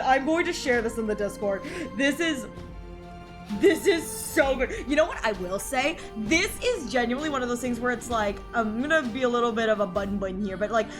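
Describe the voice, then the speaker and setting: Excitable gremlin-voiced woman streamer. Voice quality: gremlin-like rather than cutesy. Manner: rambling, excitable, breaks into high squeals and laughter. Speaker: VTuber streamer. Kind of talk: casual stream chatter. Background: background music.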